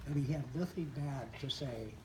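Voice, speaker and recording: An older man giving a soft-spoken, pausing eulogy at a memorial. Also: fairly high pitch. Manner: soft-spoken, reminiscing with many pauses. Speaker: mourner sharing memories. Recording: echoey room, distant mic, noisy.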